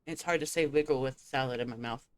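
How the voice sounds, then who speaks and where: A woman's voice: extremely low pitch, quick pace, clean tone, dry recording. A woman streamer chatting casually and playfully, teasing her chat and laughing often. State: eating with a full mouth. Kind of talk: casual gaming livestream chat.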